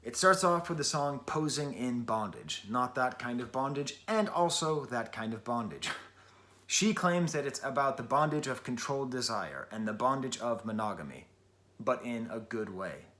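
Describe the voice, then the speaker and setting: A man's voice: mid-range voice, animated, normal speed, bright, forceful tone. A man giving a casual spoken album review in a loose, chatty way, full of "like" and "sort of" fillers.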